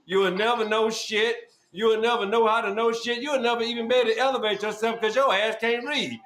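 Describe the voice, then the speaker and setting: A man hosting a podcast who berates his guest in a loud, repetitive, profane rant. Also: extremely high pitch, steady tone, fairly quick. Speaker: podcast host. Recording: echoey room with faint noise.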